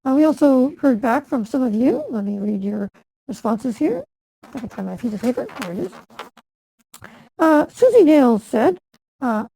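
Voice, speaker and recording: A woman hosting a casual chat show, talking in an easygoing, chatty way. Her voice is high with a lot of gravelly fry and a mellow, dark tone. The recording is dry and close. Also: no echo, rough recording. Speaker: host.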